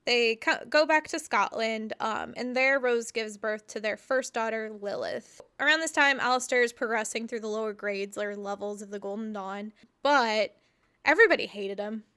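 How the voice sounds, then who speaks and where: A young woman chatting on a podcast, retelling a story in a loose, animated way full of "like" and casual swearing. Her voice sits a touch high, with a bright, forceful edge and a smooth, crisp clarity. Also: normal speed. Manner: animated, profane, trails off with fillers like "like". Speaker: podcast co-host.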